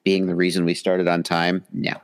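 American guy rambling and joking at himself, lowish voice. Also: monotone, normal speed, clean tone. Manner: chatty, self-mocking, joking. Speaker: guest. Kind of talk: casual livestream chat.

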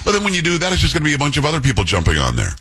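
A man's voice: a little high, huge pitch swings, racing, background noise. A man hosting a talk radio show, telling a story in a chatty, exasperated way. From Texas. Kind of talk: casual talk radio monologue.

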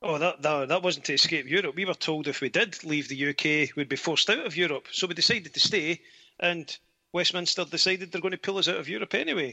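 A man's voice: a little high, vocal fry, sharp tone. A Scottish man in casual chat as a guest, speaking in a dry, matter-of-fact way. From Scotland. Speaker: guest co-host. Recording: long reverb on voice.

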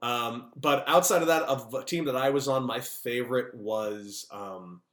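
A man's voice: medium pitch, a little slow. Ex ballplayer guy telling stories, acts out the voices, echoey room on a call. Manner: animated, jokey, acts out dialogue. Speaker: podcast guest, former baseball player. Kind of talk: casual storytelling. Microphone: remote call.

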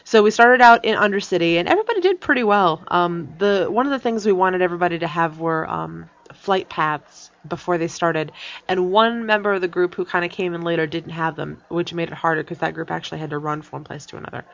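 A woman's voice: on the low side, a little fast, gravelly. A woman hosting a podcast in casual chat, talking chattily with many fillers and frequent laughs. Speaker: podcast host. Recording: dull lo-fi sound.

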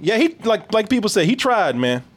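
A male podcast host chatting loosely, swearing and laughing often. His slightly high voice swings widely in pitch. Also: big pitch swings, brisk. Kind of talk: casual chat.

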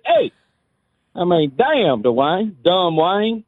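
Mocking caller on a phone line. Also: male voice, high-pitched, big pitch swings, unhurried, no room sound. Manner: mocking, sing-song repeated "hey". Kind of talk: trash-talking call-in banter. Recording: dry tinny phone line.

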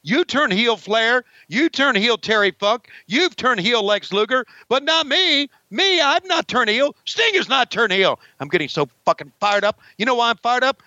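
A man's voice: very high voice, animated, moderate pace, hardly any pauses, bright, forceful tone, no echo, highs cut off, voice pushed up, exaggerated voice. A man putting on the voice of a frustrated veteran wrestler, rambling and swearing in a mock-angry rant. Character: frustrated veteran male wrestler ranting backstage.

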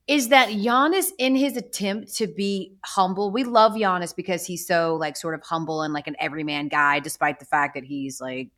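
A woman in her thirties hosting a podcast, telling stories in a chatty, sarcastic way. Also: on the low side. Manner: animated, chatty storytelling with sarcastic asides. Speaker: podcast host. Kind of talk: casual chat.

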